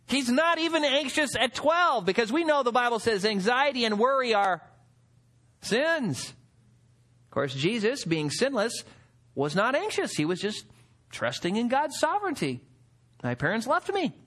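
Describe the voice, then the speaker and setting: A male pastor delivering a sermon with a high, expressive voice. He swings widely up and down in pitch, reading verses and asking the room rhetorical questions, then dropping into acted-out quotes of the people he describes. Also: a little slow.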